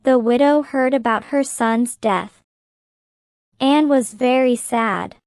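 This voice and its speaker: Slow, clear woman reading a story. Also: a little high, a little mellow, dry recording, clean studio sound. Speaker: narrator. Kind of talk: slow graded-reader story narration.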